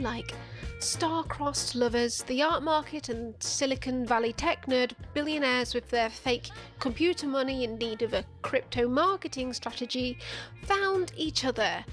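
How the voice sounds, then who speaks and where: A woman narrating a satirical commentary in a sarcastic, profane, joking manner. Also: sits high. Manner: sarcastic, profane, deadpan jokes. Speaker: video essayist.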